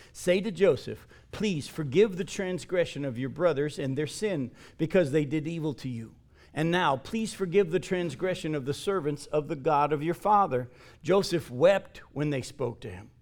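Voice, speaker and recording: A man preaching a sermon and reading scripture aloud. He talks earnestly and gets louder and higher to stress a point. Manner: earnest, rises in pitch and volume for emphasis. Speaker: pastor.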